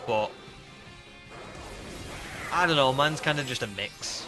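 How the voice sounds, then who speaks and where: A young man with a northern English accent and a faint Scouse twang chats loosely with his audience, wandering off mid-sentence. His voice sits at an ordinary middle pitch. Game music plays clearly behind him. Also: expressive, slow pace. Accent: northern English with a slight Scouse twang. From northern England. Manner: chatty, rambling, reads viewer comments aloud. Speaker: streamer. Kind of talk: casual live-stream chat.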